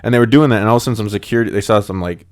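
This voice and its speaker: A man's voice: fairly low pitch, very fast. A young man hosting a casual podcast chat, close to the microphone, rambling, joking and stumbling over his words. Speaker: podcast host.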